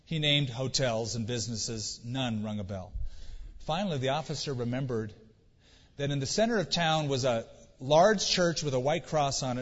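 A male pastor preaching an earnest sermon in a church, asking rhetorical questions and pausing for effect. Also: mid-range voice. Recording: dull recording with long church reverb.

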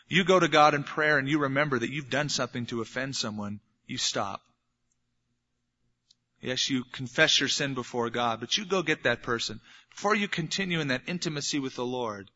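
Bright-voiced pastor preaching a sermon. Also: male voice, mid-range voice, long reverb tail. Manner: animated storytelling, acting out little scenes. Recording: dull lo-fi sermon recording.

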